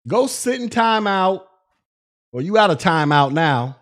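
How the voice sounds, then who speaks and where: High-voiced man ranting mockingly. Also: very animated, measured pace, a bit bright. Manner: profane, mocking, laughing at critics. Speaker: podcast host. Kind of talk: live-stream rant.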